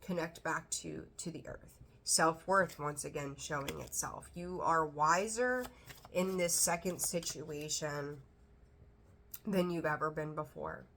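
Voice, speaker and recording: A woman's voice: sits low, measured pace, vocal fry, fairly bright tone, a little hiss or hum. A woman giving a casual tarot reading, talking bluntly and chattily, swearing now and then. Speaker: tarot reader.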